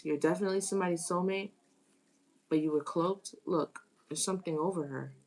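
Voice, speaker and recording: A tarot reader with a somewhat low voice gives a live reading, speaking animatedly and repeating phrases for emphasis.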